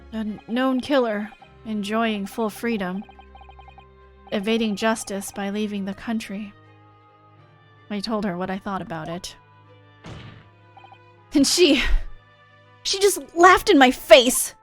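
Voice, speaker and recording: A woman's voice: mid-range voice, lightly acted. A woman voicing a sly young male reporter in a game, confessing earnestly and flaring up defensively.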